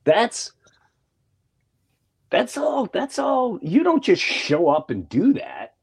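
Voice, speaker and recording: A man's voice: high-pitched, wildly swooping pitch, slow pace, breathy edge. A man co-hosting a casual talk show, speaking animatedly and mimicking other people's voices. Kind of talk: casual conspiracy chat.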